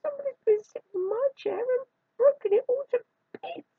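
A tiny bear cub, squeaking in a very high, sobbing voice. The storybook voice jumps far above normal speech and wails on. The recording is dry and a little dull. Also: a little fast, no room sound. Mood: whiny. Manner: wailing, sobbing.

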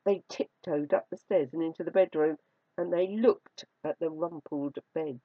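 A storyteller reading a fairy tale aloud in an expressive, drawn-out way, on a dry, dull recording. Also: medium pitch, no room sound.

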